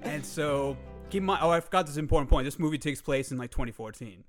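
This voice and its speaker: A young man casually pitching a comedy movie idea, animated and profane, often correcting himself. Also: fast, soft background music. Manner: animated storytelling, swears a lot, self-correcting.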